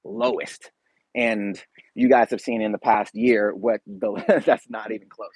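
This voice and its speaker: A man's voice: fairly low pitch, fairly even intonation, measured pace, a little mellow, husky, no echo, rough recording. A man hosting a casual livestream, chatting straight to viewers in a laid-back, slangy way. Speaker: YouTube reaction channel host.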